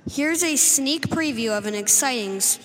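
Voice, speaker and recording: A woman reads a school book report aloud with earnest, careful pacing. Her voice sits fairly high. The recording carries a long, echoey reverb. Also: expressive, normal speed, a bit bright. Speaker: student giving a book report in character.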